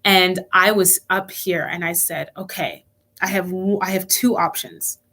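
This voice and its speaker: A woman's voice: on the low side, steady tone, unhurried, sharp tone. A young woman leading a children's church lesson online, telling a personal story earnestly with frequent restarts.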